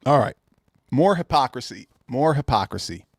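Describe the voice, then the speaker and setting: A man's voice: medium pitch, expressive, normal speed, gravelly, dry recording, clean studio sound. A man hosting a live-streamed gaming podcast, ranting in an exasperated way, repeating himself and reading out names from the chat. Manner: exasperated, repetitive, reads chat names aloud. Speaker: podcast host.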